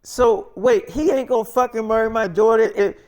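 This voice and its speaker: Brief: a man playing an outraged husband, loud and cursing, high pitched. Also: normal speed. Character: furious betrayed adult husband.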